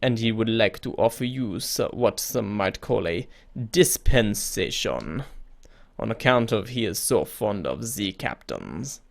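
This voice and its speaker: A man voicing a creepy, overly polite male messenger with a put-on French accent, drawing his words out slowly in an insinuating way. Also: fairly low pitch, animated, vocal fry. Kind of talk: reading game dialogue aloud.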